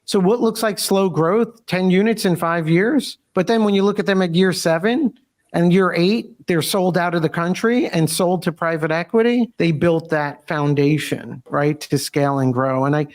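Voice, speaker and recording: Male host, measured and explanatory, slightly higher pitch. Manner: measured, explanatory, some restarts. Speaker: host, franchise lawyer. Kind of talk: interview conversation.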